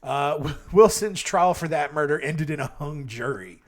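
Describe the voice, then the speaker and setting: A man's voice: on the high side, lively intonation, measured pace. A man hosting a true-crime podcast, telling the story in a casual, sarcastic, rambling way with jokey asides. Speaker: podcast host.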